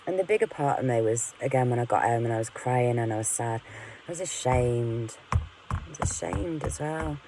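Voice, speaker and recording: A woman's voice: a bass voice, lively intonation, normal speed, background noise. A woman venting in a candid, rambling monologue to her camera, frank and full of swearing, often laughing at herself. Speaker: vlogger.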